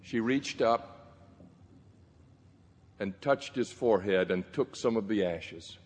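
A man preaching a sermon, telling stories and voicing the people in them with gentle humor. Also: fairly low pitch, slow pace. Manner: storytelling with quoted voices, gentle humor. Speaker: pastor. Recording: reverberant hall.

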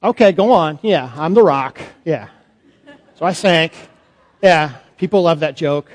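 A man, a priest, performing a first-person Bible monologue in a sermon, conversational and halting with fillers. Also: a little high. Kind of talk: dramatic monologue as Peter in a sermon. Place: church sanctuary. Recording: long church reverb.

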